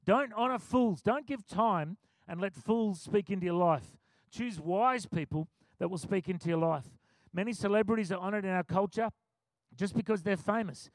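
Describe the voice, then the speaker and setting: High-voiced man preaching. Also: moderate pace, dry recording. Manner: conversational storytelling preacher, laughs often. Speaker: pastor. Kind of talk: sermon.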